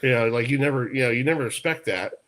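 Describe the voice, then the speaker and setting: A man from New York hosting a sports talk radio show, telling stories in a lively, laughing way. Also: mid-range voice, fast. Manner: storytelling, animated, laughs often. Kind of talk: casual radio chat.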